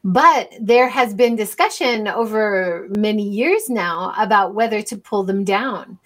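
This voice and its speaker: A woman's voice: medium pitch, unhurried, fairly bright tone. A woman hosting a casual livestream chat, engaged, ending her points with "right?". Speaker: livestream host.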